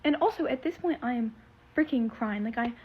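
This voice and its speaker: Fast-talking teen girl spilling drama. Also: on the high side, expressive, breathy edge. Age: teens. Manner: rambling, filler-heavy, emotional retelling. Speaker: storyteller. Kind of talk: casual storytime vlog. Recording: slightly muffled lo-fi recording.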